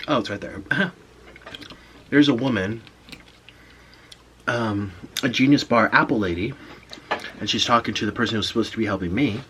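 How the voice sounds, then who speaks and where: A man in his twenties telling a casual story on camera while he eats, pausing to savour his food. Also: on the low side, a little hiss or hum. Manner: animated storyteller, pauses to eat and savour food. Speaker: mukbang vlogger.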